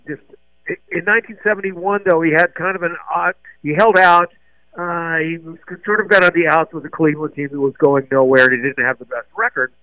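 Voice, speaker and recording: A man's voice: a little high, dry recording. Host, older man, digressive reminiscing chat, dry and tinny phone-like audio. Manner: digressive, many fillers and restarts. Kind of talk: rambling sports memories chat.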